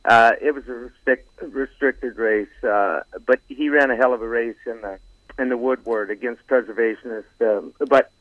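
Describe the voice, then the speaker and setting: A man talking casually as a horse racing analyst guest, halting with lots of fillers and some teasing. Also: mid-range voice, fairly even intonation, dry recording. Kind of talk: casual phone-in chat. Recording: tinny dry phone line.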